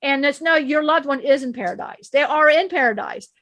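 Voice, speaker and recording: A woman's voice: sits high, fairly quick, a bit bright, no echo. A woman channeling an ancient divine male teacher. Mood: earnest. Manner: repetitive, emphatic, preachy, with many restarts.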